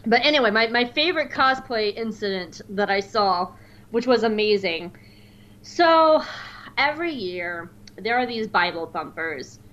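A woman in casual podcast chat, telling animated stories and jumping up high when she mimics other people. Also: a little slow, dull audio. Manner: animated storyteller, mimics voices with high squeals.

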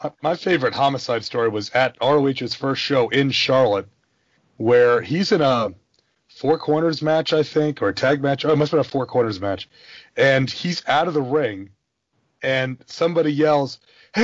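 A man's voice: mid-range voice, normal speed, no room sound, muffled recording. A man co-hosting a casual wrestling podcast, sharing laid-back, amused anecdotes. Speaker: podcast co-host.

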